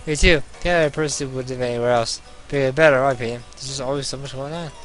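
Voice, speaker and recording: A young man hosting a let's play, reading a visual novel aloud and joking between passages in an animated way. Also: medium pitch, rapid-fire, faint music behind. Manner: animated, jumping between narration and jokes.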